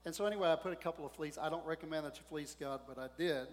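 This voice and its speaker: A male pastor preaching a sermon in a conversational, animated way, often asking the congregation questions. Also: fairly high pitch, rapid-fire. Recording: long hall reverb.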